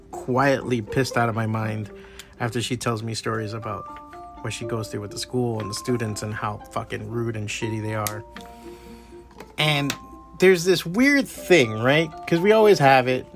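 In a mid-range voice with vocal fry, a middle-aged podcast host from around Miami rants solo, casual but heated and profane, telling his stories with animated energy.

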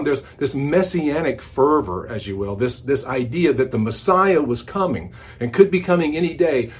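A man hosting a casual devotional podcast, teaching the Bible as an animated, conversational storyteller. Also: medium pitch.

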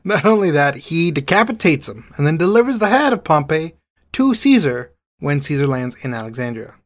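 Co-host: playful, animated storyteller. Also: mid-range voice, a little fast. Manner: playful, punny, casual. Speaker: podcast co-host. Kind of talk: comedic history storytelling.

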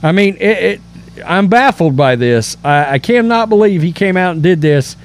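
A man's voice: high-pitched, animated, moderate pace. A man hosting a political commentary show, reading news aloud and reacting with emphatic indignation and stammered restarts.

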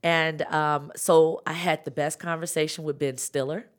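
An excitable woman recounts a story as a guest in a radio studio. Her talk is animated and her words come in quick bursts when she gets going. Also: sits low. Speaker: comedy show producer, guest. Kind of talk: storytelling in an interview.

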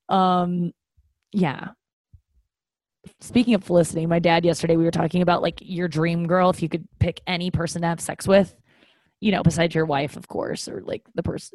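A woman's voice: lowish voice, darkish tone, no echo. A young adult woman hosting a podcast, chatting casually in a candid, rambling, self-deprecating way with many fillers. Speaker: podcast host. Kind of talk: casual solo chat.

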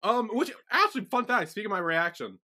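A man's voice: sits high, very animated, quick pace, sharp tone. A man co-hosting a podcast recap in casual chat, retelling scenes and quoting characters. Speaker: podcast co-host.

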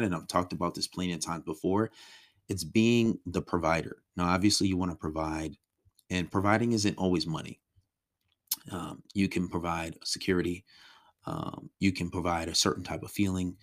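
Deep-voiced man coaching on relationships. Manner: loose and conversational, many ums and restarts, acts out clients' complaints. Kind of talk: casual spoken lesson.

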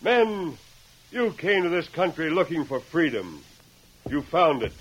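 An actor playing a masked western hero in a 1940s radio drama, giving a stirring, declamatory speech, on a dull old broadcast recording. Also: male voice, fairly high pitch, big pitch swings, unhurried, husky, heavily acted. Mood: rousing.

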